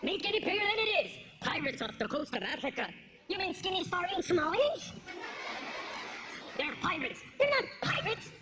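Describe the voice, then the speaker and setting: High-voiced ranting woman comedian. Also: moderate pace. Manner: animated, ranting. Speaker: stand-up comedian. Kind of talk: stand-up comedy. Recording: dull lo-fi recording with loud crowd.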